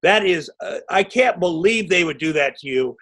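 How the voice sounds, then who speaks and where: A man guesting on a podcast, telling a rambling, self-interrupting anecdote and breaking into loud acted quotes. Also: high voice, expressive, moderate pace. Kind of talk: anecdotal storytelling.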